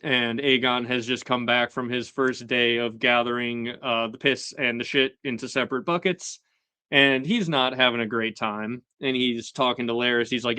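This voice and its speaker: Smooth-voiced man recapping casually. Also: medium pitch, normal speed, no room sound. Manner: relaxed, filler-heavy, chuckling asides. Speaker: show host. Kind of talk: casual episode recap chat.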